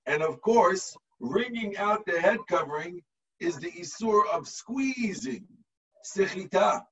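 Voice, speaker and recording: A rabbi teaches his class over a video call, walking through the text step by step and checking that everyone follows. His voice sits high and husky. The sound is distant and muffled. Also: expressive, slow pace, a bit bright. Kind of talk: explaining a text to students.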